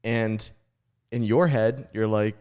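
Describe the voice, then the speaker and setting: A man's voice: on the low side, fairly even intonation, slow pace, a little mellow, clear, resonant tone. A young man co-hosting a casual podcast, summing up and riffing on a friend's story. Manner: sums up and riffs on the story, jokes with the teller. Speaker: podcast co-host.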